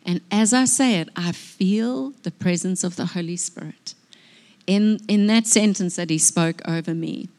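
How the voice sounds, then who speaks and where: A woman's voice: lowish voice, normal speed, a little mellow. A woman sharing a personal testimony in a sermon before a congregation, speaking earnestly and with emotion. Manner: earnest, emotional, tearful at moments. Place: church hall before a congregation.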